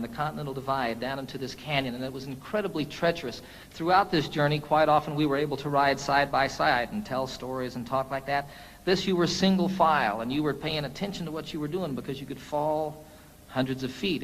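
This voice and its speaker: A man's voice: mid-range voice, brisk, a bit bright, big-room sound, a little hiss or hum, rough recording. A man, a singer-songwriter, telling a story to his audience between songs in a folksy, chatty way.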